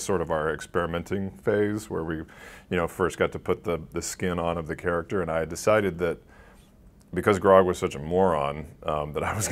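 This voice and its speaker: A man working as a voice actor, answering interview questions in a rambling, casual way and laughing often. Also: low-pitched. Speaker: voice actor guest.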